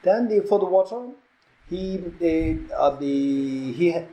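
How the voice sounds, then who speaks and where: A Buddhist teacher with a Tibetan accent telling a teaching story, halting and repeating words as he acts out dialogue. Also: fairly high pitch, lively intonation, warm tone. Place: retreat teaching hall. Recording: echoey hall.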